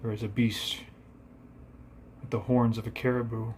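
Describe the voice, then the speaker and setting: A man voicing a slow, fatherly wilderness cult leader who gives drawn-out warnings. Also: mid-range voice, level tone, a little mellow, a little hiss or hum, lightly acted. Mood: ominous. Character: smooth-talking male wilderness cult leader.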